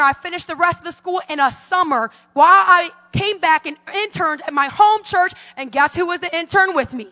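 A woman's voice: very high-pitched, normal speed, pushed and bright, in a large hall. A woman in her forties preaching a fervent sermon as pastor, calling out to her congregation in a church sanctuary. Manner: fervent preaching with call-and-response.

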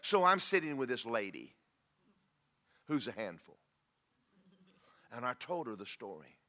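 A man's voice: medium pitch, very animated, measured pace, bright, forceful tone. A middle-aged man preaching a sermon. He tells folksy stories and rises into fervent prayer. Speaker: pastor.

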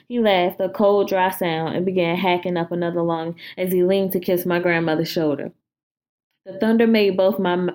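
Low-voiced woman reading a horror story. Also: darkish tone. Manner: informal, stumbles and swears while reading.

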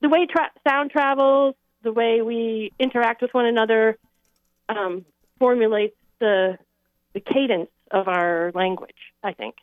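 A woman's voice: a little high, a little slow, no echo. Caller, woman, from the Midwest, muses through ideas with lots of ums, tinny dry phone sound. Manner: thoughtful, rambling with many fillers. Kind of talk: call-in radio chat. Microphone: telephone.

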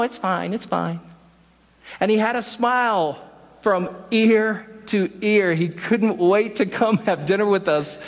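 A man preaches in a church, his voice pitched high and carrying a long hall reverb. He tells stories in an animated way and acts out what each person said. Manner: storytelling, animated, acts out quotes. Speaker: pastor. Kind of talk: sermon. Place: church sanctuary.

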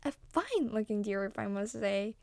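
A woman's voice: mid-range voice, very animated, moderate pace, creaky, a little mellow, dry recording. A woman voicing a deer in a told fable, friendly at first and then huffy and vain about her looks. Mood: indignant. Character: kind, then huffy proud female deer.

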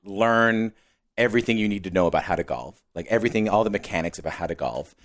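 A man in his thirties, a radio host guesting on a podcast, chatting casually and telling stories in an animated way. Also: on the low side, fast. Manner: animated storyteller who slips into voice impressions.

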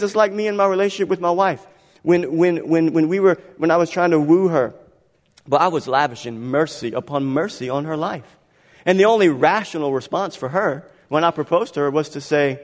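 A slightly high-voiced man preaches to a congregation, his words ringing with long reverb through a church sanctuary. He moves between quiet, slow phrases and loud, pushing ones. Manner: dynamic preaching, swinging between soft and loud. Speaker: pastor. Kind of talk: sermon.

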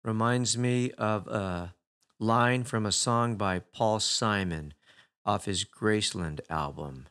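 A man's voice: lowish voice, takes it slowly, a bit bright. Man musing aloud in a motivational talk. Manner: conversational, poses rhetorical questions. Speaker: motivational speaker.

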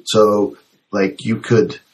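Male host with a very low voice, calm reflective summarizer. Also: takes it slowly, a little hiss or hum. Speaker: host, health practitioner. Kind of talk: interview talk.

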